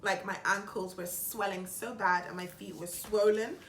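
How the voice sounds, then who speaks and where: Chatty young woman telling her story. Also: mid-range voice. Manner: chatty, dramatic, quick retellings with lively quoted voices. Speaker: vlogger. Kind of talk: personal storytelling vlog. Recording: roomy echo with faint background hum.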